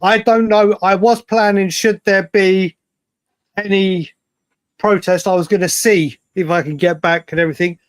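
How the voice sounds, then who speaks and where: A man's voice: high-pitched, fairly even intonation, moderate pace, no echo. A man with an English accent co-hosting a casual football chat, emphatic and given to repeating himself. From England. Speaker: podcast co-host.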